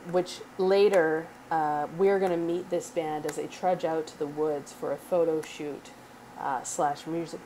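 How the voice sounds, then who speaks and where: A woman's voice: deep voice, a little hiss or hum. A woman hosting a script read stream in casual chat. She is chatty, laughs often and drifts into rambling asides.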